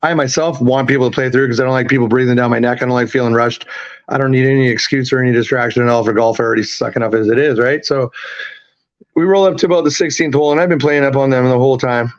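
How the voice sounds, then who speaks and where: This Canadian man in his fifties is a podcast guest with a medium-pitched voice, speaking fast over dull-sounding audio. His casual storytelling is candid, profane and laid-back, packed with fillers.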